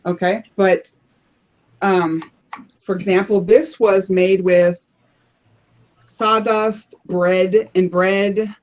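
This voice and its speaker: A woman's voice: medium pitch, fairly even intonation, drawn-out words, pauses often, lo-fi sound. A woman on a live panel show casually showing her crafts, chatty, often restarting her phrases as she explains.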